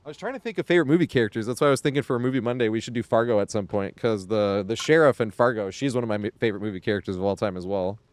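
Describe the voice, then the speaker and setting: A man streaming games and chatting casually, rambling with lots of fillers and quick laughs. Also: fairly low pitch, dry recording. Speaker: game streamer. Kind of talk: casual live-stream chat.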